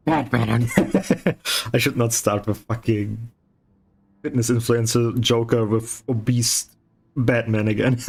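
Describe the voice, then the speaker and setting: A man's voice: medium pitch, steady tone, takes it slowly, gravelly, pauses often, a little mellow, slight background noise. A man chatting casually with his stream viewers while painting, teasing and swearing with a sarcastic edge, chewing ice as he talks. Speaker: livestreaming artist.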